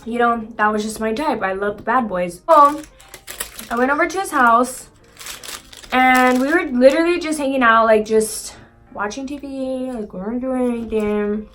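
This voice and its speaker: Young woman, higher-pitched voice, casual storytelling, lots of "like", swears freely, faint music behind. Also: moderate pace, fairly bright tone. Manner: chatty, peppered with "like" and swearing, acts out quoted lines. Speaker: vlogger. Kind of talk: casual storytelling while eating.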